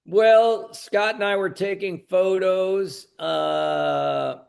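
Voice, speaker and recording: A man in his sixties, a guest in an interview, telling anecdotes in an animated way with sudden bursts of emphasis. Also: medium pitch, vocal fry. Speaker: guest, wrestling announcer and promoter. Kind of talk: storytelling interview.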